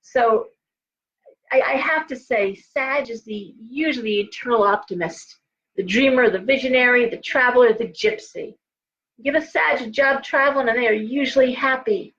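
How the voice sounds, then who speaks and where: A woman's voice: on the high side, normal speed, a bit bright, muffled recording. Chatty tired woman reading tarot live. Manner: chatty, rambling, frequent restarts and asides. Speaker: host and tarot reader.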